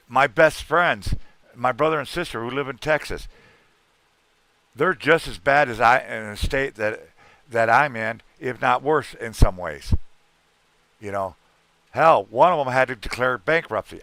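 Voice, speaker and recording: A man's voice: medium pitch, bright, forceful tone, no echo. A middle-aged man hosting a casual livestream chat, talking in a rambling, earnest way and repeating himself. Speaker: livestream host.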